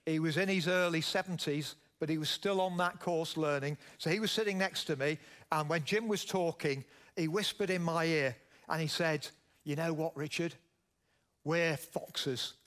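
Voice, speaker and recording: A middle-aged man with a Yorkshire accent gives a keynote speech from a conference stage. His voice sits a little high for a man. He talks in a storytelling way and often turns to the audience with questions. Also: fairly bright tone. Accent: Yorkshire English. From Yorkshire, England. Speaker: keynote speaker, business founder.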